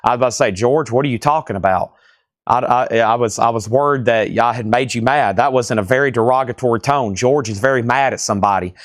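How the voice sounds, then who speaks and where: A man hosting a live record auction from a store, reading titles off fast and tossing in sarcastic asides. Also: medium pitch, no room sound, studio quality. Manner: rapid-fire listing, joking and sarcastic asides. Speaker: live sale host.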